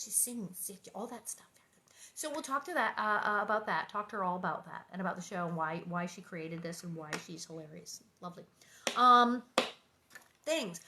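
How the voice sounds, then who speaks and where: A middle-aged actress reading a children's book aloud to viewers, then chatting casually and animatedly with many fillers. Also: female voice, mid-range voice, fairly bright tone, a little hiss or hum. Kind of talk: storybook reading and casual chat.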